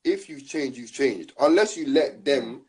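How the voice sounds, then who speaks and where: A man's voice: mid-range voice, animated, a little slow, crowd noise. A young man co-hosting a podcast, making his points emphatically in slangy casual chat. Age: young adult. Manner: emphatic, preachy street slang. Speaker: podcast co-host.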